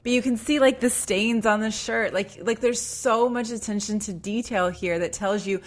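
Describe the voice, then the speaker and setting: A woman's voice: on the high side, normal speed. Chatty woman discussing a movie. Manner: chatty, lots of fillers and restarts. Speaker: podcast co-host.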